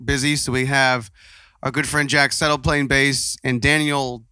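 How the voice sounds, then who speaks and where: A man's voice: mid-range voice, level tone, unhurried, bright, forceful tone, clean tone, no room sound. A man co-hosting a casual podcast, teasing his partner and promoting upcoming shows, speaking into a handheld mic. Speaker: podcast co-host. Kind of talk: casual chat. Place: theatre green room.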